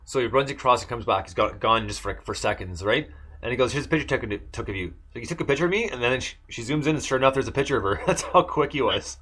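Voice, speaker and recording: On a podcast, a male co-host rambles casually through an episode recap, packed with fillers and restarts. His mid-range voice is husky, expressive and fairly bright, and he talks fast.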